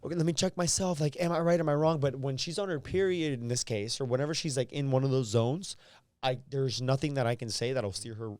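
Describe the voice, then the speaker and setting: A man's voice: mid-range voice, fairly quick, a little mellow, no echo. A man who is a guest on a podcast, talking casually and profanely and asking questions.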